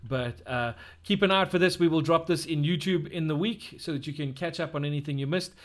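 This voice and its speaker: A man's voice: a little high, fairly quick. A man hosting a casual gaming podcast, upbeat and enthusiastic as he wraps up. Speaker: podcast host. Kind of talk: casual chat.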